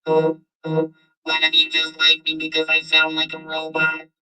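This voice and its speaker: A man's voice: a little high, completely flat delivery, normal speed, bright, forceful tone, clean tone, no echo, faint music behind, pitched above the performer's own voice, poor audio. A man putting on a whiny robotic voice through a robot filter.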